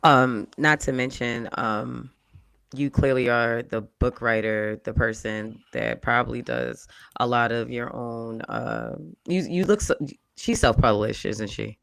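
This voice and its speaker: A man's voice: medium pitch, a little slow, gravelly, fairly bright tone, no echo. A man co-hosting a casual panel talk, giving blunt advice in a lecturing, conversational way. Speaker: podcast co-host.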